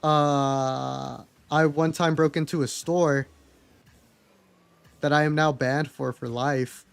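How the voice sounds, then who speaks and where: Candid young man with a higher voice. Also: fairly even intonation, slow pace, gravelly, clean tone. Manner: chatty and candid, swears freely. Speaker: livestreamer. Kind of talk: casual storytelling to a live chat.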